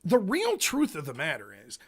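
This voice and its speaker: A man hosting a livestream, talking politics in an animated, profane rant. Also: on the high side, moderate pace, vocal fry, husky. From United States. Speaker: livestream host. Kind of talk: casual political chat.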